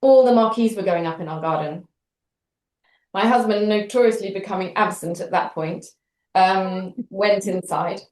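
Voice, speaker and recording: A middle-aged British woman telling a story in an interview, animated and wry, acting out the dialogue as she goes. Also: mid-range voice, moderate pace. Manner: animated, acts out quoted dialogue with wry humour. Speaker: interview guest. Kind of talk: conversational storytelling. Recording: roomy echo.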